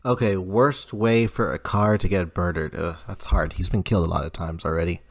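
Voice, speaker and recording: Very low male voice, halting casual podcast talk, dead-dry recording. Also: fairly even intonation, no echo. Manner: hesitant, halting, many fillers. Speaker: podcast co-host. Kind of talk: casual chat.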